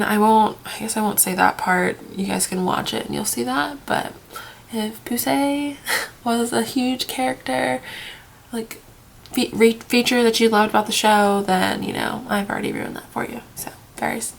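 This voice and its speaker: A woman's voice: mid-range voice, vocal fry. A young woman vlogging casually, worn out from crying and short on sleep, rambling and trailing off into whispers. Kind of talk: casual emotional vlog.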